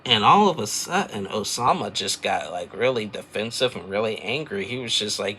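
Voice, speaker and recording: Gravelly deep-voiced man rambling a recap. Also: normal speed, hardly any pauses, bright, forceful tone, a little hiss or hum. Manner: rambling, chatty, loose filler-heavy storytelling. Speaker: reality TV recap host. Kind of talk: casual recap chat.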